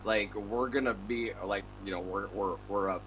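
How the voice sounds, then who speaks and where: A man's voice: on the low side, steady tone, normal speed, a bit bright, slight background noise, rough recording. A man co-hosting a casual online chat, laid-back and jokey. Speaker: co-host.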